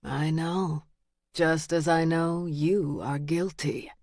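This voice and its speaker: A woman voicing a menacing male killer who speaks in a quiet, low, deliberate way. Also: fairly even intonation, no room sound, clean studio sound, exaggerated voice. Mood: cold menace. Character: menacing male killer, cold and self-righteous.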